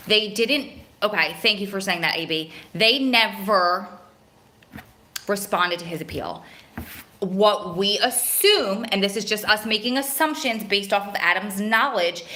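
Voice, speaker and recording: A woman's voice: medium pitch, pushed and bright. A woman hosting a live stream for prison wives. She vents with feeling and rambles, corrects herself, and reads viewer comments aloud. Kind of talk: emotional live-stream venting and chat.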